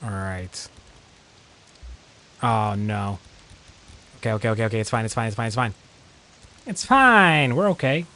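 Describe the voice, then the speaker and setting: This streamer's fairly low voice is animated yet unhurried, bright and forceful, with long pauses. He rambles through casual gameplay commentary full of "like" fillers, reacting jumpily to surprises.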